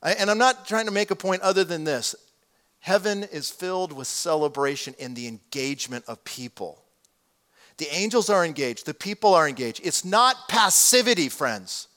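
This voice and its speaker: A man, preaching a sermon to his congregation in an animated, conversational way with many asides. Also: on the high side, moderate pace. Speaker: pastor.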